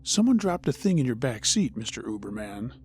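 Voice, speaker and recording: A man's voice: medium pitch, very animated, a little fast, a little mellow, lightly acted. A man voicing an unsettling female passenger who talks in a sing-song, cutesy country drawl. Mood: creepy cutesy.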